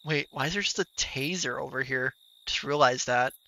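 Bright-voiced playful gaming streamer man. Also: mid-range voice, normal speed, vocal fry. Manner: playful, laughs often while talking to game characters. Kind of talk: casual gameplay commentary.

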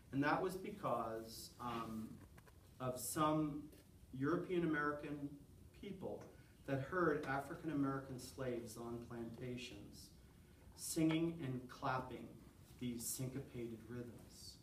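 A man's voice: mid-range voice, distant mic, slight background noise. Man teaching in a roomy classroom. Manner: animated, counts beats aloud and quizzes the class. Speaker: college music lecturer. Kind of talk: classroom lecture with clapping exercises. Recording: roomy classroom sound from off-mic.

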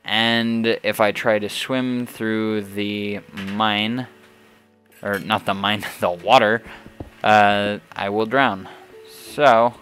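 Male game host, deep and unhurried, deadpan and relaxed. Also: faint music behind. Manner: laid-back, deadpan, chuckling. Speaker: gaming channel host. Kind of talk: casual gameplay commentary.

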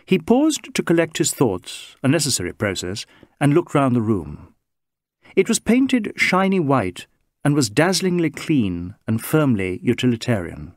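A man reading a novel aloud as narrator, in a measured, expressive manner. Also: mid-range voice, dry recording, studio quality. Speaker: audiobook narrator. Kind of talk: scripted narration.

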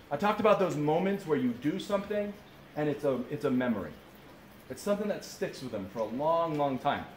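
A man in his thirties preaching a sermon at a camp, telling stories in an animated way and often restarting his sentences. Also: a little high. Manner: animated storytelling with frequent restarts. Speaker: pastor. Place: camp meeting room. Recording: roomy echo with faint hiss.

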